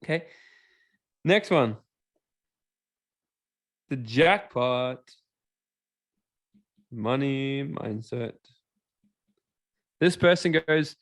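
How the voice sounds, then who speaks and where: A man with a medium-pitched voice stretches out his words and pauses often as he delivers a motivational seminar talk. He's animated, acting out characters and quizzing the audience. The studio-quality recording has no echo.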